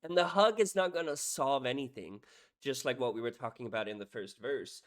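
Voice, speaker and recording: Mid-pitched male reaction host, emotional and animated, swings loud to soft, leans on "right?". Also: brisk. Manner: animated, says "right?" often, swings between loud and hushed. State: emotional, head hurting. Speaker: music reaction creator. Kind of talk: emotional lyric breakdown.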